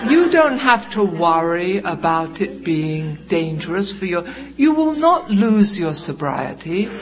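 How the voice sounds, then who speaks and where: An older woman telling her recovery story at a meeting, in vivid, deliberate storytelling with acted-out quotes. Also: mid-range voice, a little hiss or hum, rough recording. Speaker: recovering alcoholic sharing at a meeting. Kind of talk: personal testimony.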